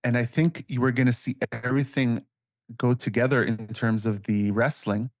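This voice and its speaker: A man's voice: mid-range voice, level tone, normal speed, no room sound, studio quality. A man with a Canadian accent, a grappling guest chatting loosely and jokily, with plenty of fillers and restarts. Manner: rambling, jokey, many fillers and restarts. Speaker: podcast guest, grappling expert. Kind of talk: casual interview chat.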